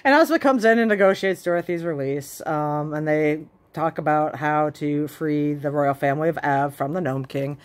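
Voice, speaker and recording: Low-voiced woman, chatty book recap from a car, loose and giggly with lots of ums. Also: moderate pace. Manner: chatty, laughing, many fillers. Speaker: book vlogger. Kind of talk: casual book retelling. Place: inside a car.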